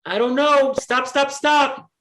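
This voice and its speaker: A man's voice: very high-pitched, fairly even intonation, slow, pushed and bright, roomy sound, voice pushed up, heavily acted. A man voicing his own fretful, cautious inner voice that warns him off.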